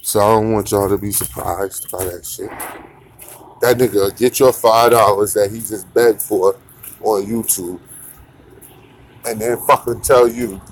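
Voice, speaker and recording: A man's voice: lowish voice, steady tone, unhurried, pauses often, slight background noise. A man hosting a casual morning commentary, rambling and profane, mocking his targets and laughing often. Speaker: commentary channel host.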